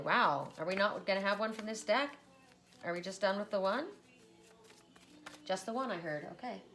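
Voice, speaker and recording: Lower-voiced woman reading oracle cards. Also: fairly bright tone. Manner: chatty, laughs often, repeats a set phrase. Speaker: oracle card reader. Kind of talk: casual card reading.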